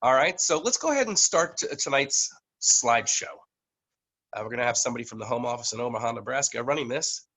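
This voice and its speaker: A man talks through a video-call microphone in a bright, forward voice. He speaks haltingly, full of fillers and restarts, and now and then coughs from allergies. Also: mid-range voice, animated, breathy edge, low-quality recording. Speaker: network marketing leader presenting to a team. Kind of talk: online business meeting presentation. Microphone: computer microphone on a video call.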